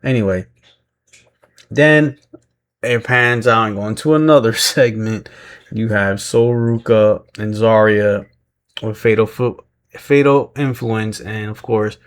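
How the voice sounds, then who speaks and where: A man's voice: fairly low pitch, steady tone, slow pace. Tired, rambling man recapping casually. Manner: rambling, chuckles often, self-correcting. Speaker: wrestling recap host.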